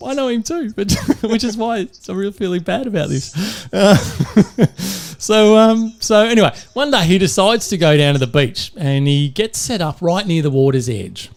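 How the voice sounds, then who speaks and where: An Australian man co-hosting a podcast, telling jokes in a relaxed chatty way and breaking into laughter as he goes. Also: high-pitched, a little slow, gravelly. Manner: animated storyteller who laughs mid-joke. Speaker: podcast co-host. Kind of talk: casual joke-telling chat.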